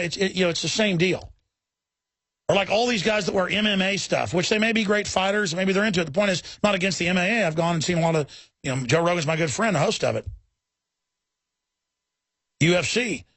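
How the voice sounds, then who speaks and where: Male talk radio host, husky high voice, heated rambling rants, bone-dry sound. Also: a bit bright, dry recording. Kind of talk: ranting talk radio monologue.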